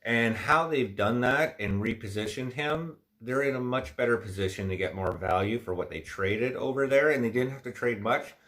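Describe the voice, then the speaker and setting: With a medium-pitched, fairly bright voice, a man runs a casual livestream chat. His talk is rambling, frustrated, and full of opinions, and his nose is blocked by allergies.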